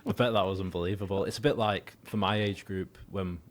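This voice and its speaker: A man's voice: low-pitched, fairly even intonation, a little fast. A young adult man hosting a podcast, asking short questions and reacting to his guest. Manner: brief prompting questions and reactions. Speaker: podcast host. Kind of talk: interviewing.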